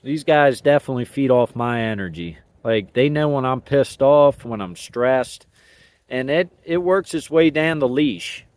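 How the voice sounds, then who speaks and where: A man's voice: mid-range voice, animated, a little slow, a little mellow, no room sound. A man talking casually outdoors about training his dogs, in a laid-back, rambling, folksy way with plenty of slang. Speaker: dog owner sharing training thoughts. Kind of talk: casual outdoor vlog talk.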